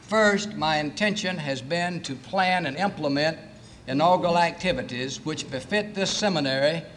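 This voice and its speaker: A man chairing a committee, giving a formal, measured welcome address and reading out lists of honored guests. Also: a little high, fairly bright tone, slight background noise.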